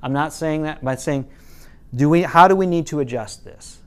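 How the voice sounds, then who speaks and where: A middle-aged man leading a parenting class tells a story at normal speed in a clean tone, quoting lines casually. He lowers his voice for the parents and kids he quotes, with a few restarts.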